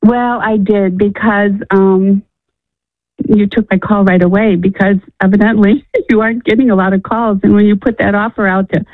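A woman from Illinois calling into a radio show, halting and repeating herself with many "you know"s. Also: mid-range voice, steady tone, no echo. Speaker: caller. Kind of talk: radio call-in conversation. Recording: phone line.

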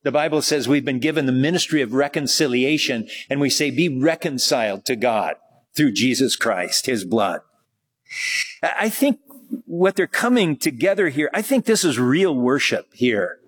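A man's voice: medium pitch, lively intonation, moderate pace, slightly rough. A man teaching verse by verse from the Bible, reading passages and then explaining them in a conversational way. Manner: conversational, with fillers and small laughs. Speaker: pastor.

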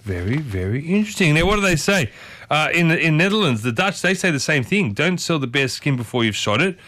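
A man's voice: a little high, big pitch swings, brisk, sharp tone, no room sound. A man hosting a morning radio show, chatting casually and playfully, often restarting his sentences. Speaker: radio host. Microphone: studio microphone.

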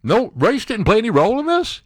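A male talk radio host riffs on the news with biting sarcasm and mock disbelief. His voice sits a little high and swings widely in pitch. The studio sound is dry and close. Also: brisk, dry recording. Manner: sarcastic, incredulous, animated. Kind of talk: political commentary on talk radio.

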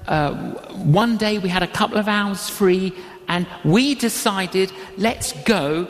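Slow, emphatic older preacher in a hall. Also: mid-range voice. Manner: emphatic, repetitive, slow delivery. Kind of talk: sermon with storytelling.

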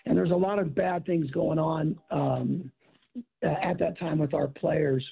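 A man's voice: on the high side, unhurried, creaky, slightly rough. A middle-aged man, a former football coach and author, telling stories in casual conversation and acting out quotes. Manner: animated storyteller acting out quotes. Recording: tinny phone-like audio.

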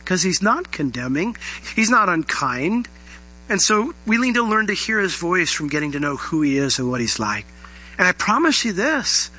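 A man's voice: high voice, bright, forceful tone, low-quality recording. A male pastor giving a conversational sermon, acting out little bits of dialogue as he explains scripture.

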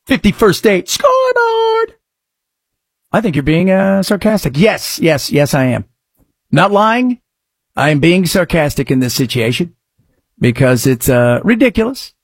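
A middle-aged man hosting a talk show, speaking sarcastically and breaking into mock shouts. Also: fairly high pitch, animated, moderate pace, breathy edge, dry recording, clean studio sound. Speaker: radio talk show host. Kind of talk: sarcastic political talk commentary.

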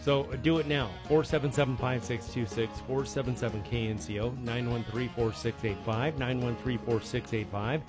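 A man's voice: mid-range voice, steady tone, moderate pace, few pauses, over music. A man hosting a local radio swap show, chatting casually and joking with callers. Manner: joking, chuckling, rambling.

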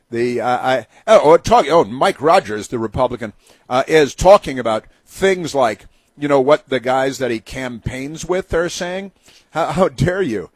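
Male talk host, husky voice, sarcastic and indignant, halting delivery, dry close sound. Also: medium pitch, dry recording. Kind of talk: opinionated talk radio monologue.

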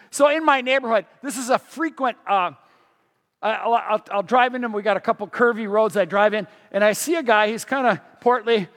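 A man's voice: extremely high pitch, a bit bright. A middle-aged man preaching a sermon as a pastor, talking conversationally and asking the audience questions. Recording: long hall reverb.

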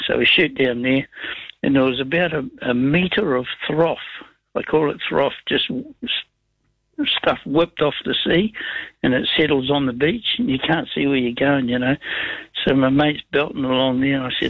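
A gravelly-voiced man with a New Zealand accent rambles through a yarn on talkback radio, folksy and full of slang. His voice comes over a dull, lo-fi line, with a dry sound and no room around it. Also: medium pitch, moderate pace, no echo. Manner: rambling storyteller, folksy slang, chuckles often. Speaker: caller. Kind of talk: casual talkback radio chat.

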